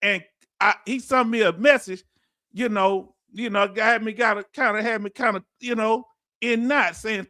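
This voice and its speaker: A middle-aged man with a Houston accent chats through his live stream, reading out viewers' comments. His voice sits high and bright, and the sound is close and dry. He talks in a folksy, animated way, laughs easily, and calls his audience family. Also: moderate pace, dry recording. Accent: Houston, Texas. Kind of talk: casual live-stream chat.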